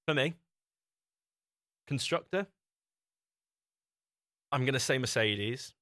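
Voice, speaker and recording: A man's voice: medium pitch, a bit bright, no room sound, clean studio sound. A young man hosting a podcast, chatting casually and often restarting his sentences. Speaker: podcast host. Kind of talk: casual chat.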